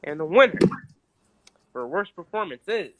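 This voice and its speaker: A man with a sore throat presenting award nominees in a loose, halting, profane way. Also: high-pitched, sing-song, fairly bright tone, no room sound. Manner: hesitant, full of fillers and swearing. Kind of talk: casual comedic awards chat.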